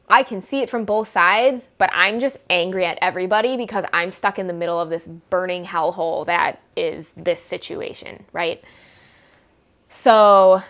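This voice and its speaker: A woman's voice: lowish voice, a bit bright. A young woman vlogging a casual storytime, rambling and exasperated, with wry sarcasm.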